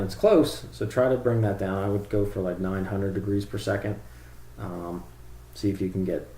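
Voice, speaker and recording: A man's voice: fairly low pitch, dark tone, echoey room. A man casually talking through a screen-share tutorial, rambling and thinking aloud with fillers. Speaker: drone tuning reviewer.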